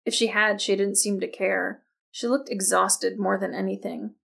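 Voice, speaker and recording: A woman narrating a novel as an audiobook, reading in a steady, even storytelling manner. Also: mid-range voice, moderate pace, vocal fry. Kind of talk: scripted narration.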